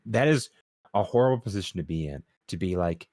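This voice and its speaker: A man co-hosting a casual podcast, retelling a TV episode with halting restarts and quick character voices. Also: low voice, lively intonation, darkish tone, no echo, clean studio sound. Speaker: podcast co-host. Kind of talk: casual chat recapping a TV episode.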